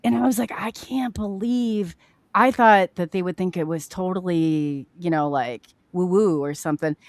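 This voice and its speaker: A woman host talks in a loose, chatty way, full of fillers and quick laughs. Her voice sits dry and close, with no room around it. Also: fairly low pitch, no room sound. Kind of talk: casual conversation.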